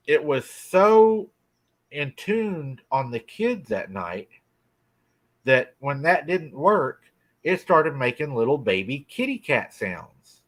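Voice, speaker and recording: A folksy middle-aged man spins a spooky campfire-style tale with an easy drawl. His voice sits at an ordinary pitch and moves at a relaxed, conversational pace. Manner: folksy, drawling, laughs often. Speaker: guest telling a cryptid encounter. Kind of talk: casual storytelling. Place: rural farm home.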